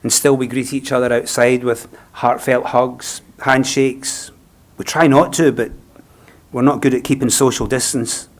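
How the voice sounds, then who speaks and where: A Scottish-accented funeral celebrant gives a eulogy, gentle and reflective, never hurrying. His voice is mid-range with a steady tone.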